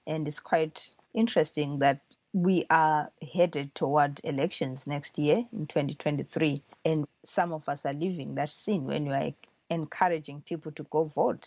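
A woman's voice: low voice, fairly even intonation, moderate pace, a little mellow, dry recording. A woman author answering questions thoughtfully, often restarting her sentences.

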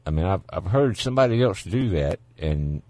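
Deep-voiced Southern man hosting call-in radio. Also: lively intonation, normal speed, mellow, no room sound. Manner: folksy, chatty, laughs easily. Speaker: radio call-in show host. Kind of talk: casual call-in radio chat.

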